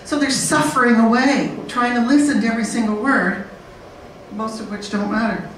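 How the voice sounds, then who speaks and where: A woman speaking on a conference panel in a lively, blunt way, acting out learners and babies. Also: a little high, moderate pace. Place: conference room. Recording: very echoey room from far off, faint noise.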